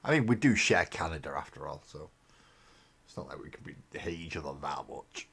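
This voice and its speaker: A man's voice: rumbling low, animated, brisk, gravelly, fairly bright tone, husky. An English man hosting a live stream, chatting casually and rambling in a self-mocking way while he builds miniatures. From England. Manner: rambling and self-mocking, often trailing into mumbles. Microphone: desk mic on a live webcam stream.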